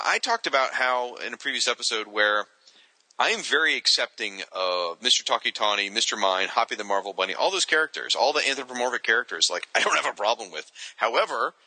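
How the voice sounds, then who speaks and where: A man's voice: mid-range voice, lively intonation, fast, pushed and bright, dry recording, low-quality recording. A man co-hosting a casual podcast, reading listener letters aloud and chuckling at them.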